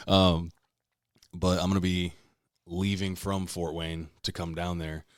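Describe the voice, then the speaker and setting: A man's voice: low-pitched, slow, no echo, studio quality. A young man telling a story in casual chat, swearing freely and acting out what people said. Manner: profane, animated storyteller acting out quotes. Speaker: podcast co-host.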